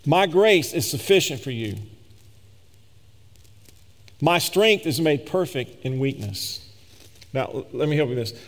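A man delivers a sermon in a somewhat high voice, with long reverb from a large hall behind him. He builds his points to loud, emphatic peaks and drops low and slow when reading scripture. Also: animated. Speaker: preacher.

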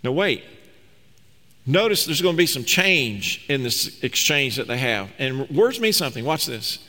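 Reading and explaining scripture in an emphatic, rising style, this pastor has a bright, forceful, medium-pitched voice with a sing-song lilt and measured pace. The recording carries the long reverb of a large hall.

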